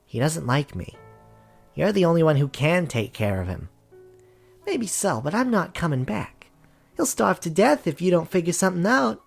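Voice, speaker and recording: A man's voice: on the high side, very animated, moderate pace, gravelly, soft background music, exaggerated voice. A man voicing a headstrong, cynical young woman in a visual novel reading, brusque and teasing. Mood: blunt.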